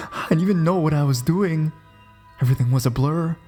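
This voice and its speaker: A man doing a cruel mother with a babyish voice, giggly and gleeful, pitched up high, pushing louder, faint music underneath. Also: normal speed, natural voice. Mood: giddy. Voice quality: babyish, put-on little-girl voice. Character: unhinged mother woman, giddy and cruel. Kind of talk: horror story reading.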